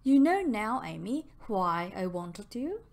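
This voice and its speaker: A woman's voice: very animated, slow pace, creaky, full character voice. Storybook part: shamed young woman, read by a woman, faint and half-whispered. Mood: contrite. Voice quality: low, weak voice.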